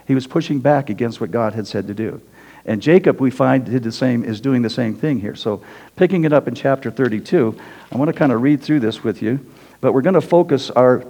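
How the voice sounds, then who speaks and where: A male preacher talks his congregation through a scripture passage in an easygoing, chatty manner, often tagging his sentences with "okay?". His voice sounds dark and mellow, and it carries a long reverb from a large hall. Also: medium pitch. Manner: conversational, tags lines with "okay?". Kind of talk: sermon.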